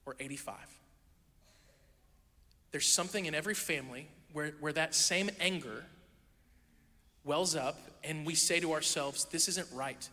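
A man's voice: on the high side, sharp tone, big-room sound. A man preaching a sermon as pastor, telling the story conversationally with playful asides.

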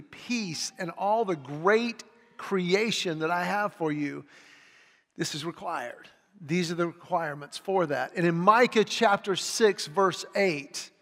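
A man in his forties preaching a sermon, telling a story in an animated way and acting out the people in it. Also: high-pitched. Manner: animated storyteller, acts out quoted voices. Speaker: pastor. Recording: long hall reverb.

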